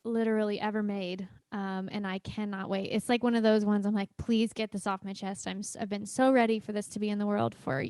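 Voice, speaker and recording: A woman singer-songwriter eagerly introducing a song she wrote, in an excited, chatty way. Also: mid-range voice, brisk, few pauses, smooth, no room sound, studio quality. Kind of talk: introducing her own song.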